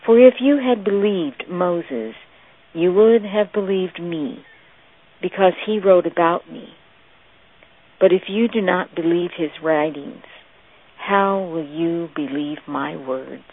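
A woman preaching a sermon in a slow, deliberate, meditative way. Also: lowish voice. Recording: tinny, phone-like dry audio.

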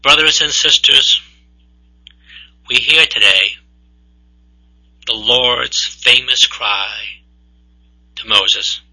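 A man reading scripture aloud and then preaching a homily in a slow, deliberate liturgical manner. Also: medium pitch, sharp tone, slightly rough, poor audio.

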